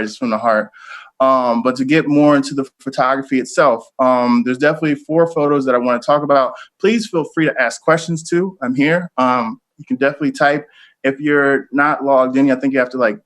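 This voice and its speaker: A man's voice: medium pitch, a bit bright. A young man, a photographer, talking casually and earnestly about his work, with lots of fillers. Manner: loose, filler-heavy, earnest. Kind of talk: casual gallery talk.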